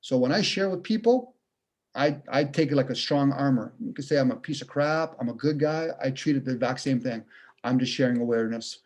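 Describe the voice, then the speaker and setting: A man's voice: medium pitch, a little fast, a little mellow. A man ranting casually on a video call, blunt and profane, firing off rhetorical questions. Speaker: video call participant sharing views.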